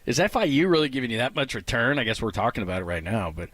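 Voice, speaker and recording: A sports radio host from the Bay Area, chatting casually at a studio mic and breaking into laughter as he reads items out. His voice is close and dry, sitting at an ordinary male pitch. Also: sing-song, rapid-fire, a bit bright, no echo. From San Francisco Bay Area. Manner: laughs often, reads lists aloud.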